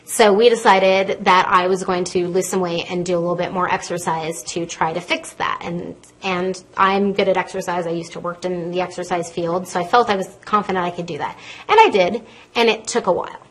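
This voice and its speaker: A woman pharmacist giving a lively, conversational health talk to an audience from a podium, a fast talker by habit. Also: fairly low pitch. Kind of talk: lecture to a live audience from a stage. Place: stage in a lecture hall. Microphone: podium microphone.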